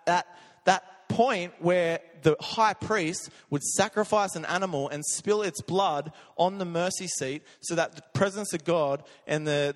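A man preaching in a church, telling a lively story with frequent laughter. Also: fairly high pitch. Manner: energetic storytelling, laughs often. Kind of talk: sermon. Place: church hall. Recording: long echo of a church hall.

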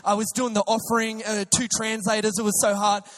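A young man, a preacher, telling an excitable personal testimony story with many restarts. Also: sits high, fairly quick, a little hiss or hum. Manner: animated, excitable, with frequent restarts.

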